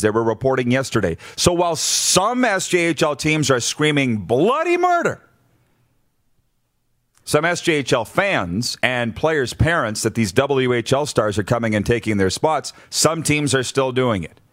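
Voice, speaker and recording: A man's voice: mid-range voice, big pitch swings, moderate pace, fairly bright tone, dry recording, clean studio sound. A man hosting a sports talk show, running through numbered points with blunt opinions and frequent restarts.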